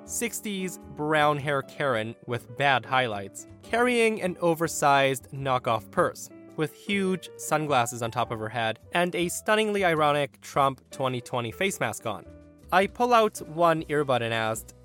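A man hosting a podcast, reading revenge stories aloud with sarcastic, animated delivery. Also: fairly high pitch, measured pace, soft background music. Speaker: podcast host.

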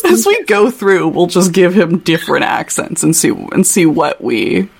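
Animated woman podcast co-host. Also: fairly low pitch, normal speed, vocal fry, husky. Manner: animated, playful, giggly. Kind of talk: casual book-club chat.

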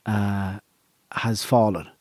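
A man's voice: on the low side, fairly even intonation, slow, a little mellow, dry recording, clean studio sound. A man with an Irish accent chatting casually, rambling and restarting as he tells stories. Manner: rambling storyteller, stammers and restarts, swears. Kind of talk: casual chat.

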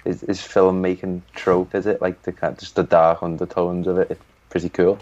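A man's voice: low-pitched, level tone, moderate pace, a little mellow. A man chatting easily on a podcast who often stumbles and restarts his sentences. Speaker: podcast co-host. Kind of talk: casual podcast chat. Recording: dull lo-fi sound.

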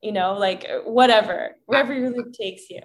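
A woman guest in a casual spiritual chat, earnest and preachy, acting out gentle inner dialogue. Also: on the high side, normal speed.

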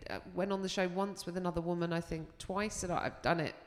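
A woman comedian with a London accent, telling lively, swear-laced anecdotes on a live talk show. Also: on the low side, fairly quick. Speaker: comedian guest. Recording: long hall reverb.

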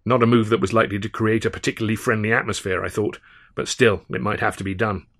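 A man's voice: on the low side, steady tone, fairly bright tone. A man with an English accent reading his own novel aloud as first-person audiobook narration. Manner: measured first-person storytelling.

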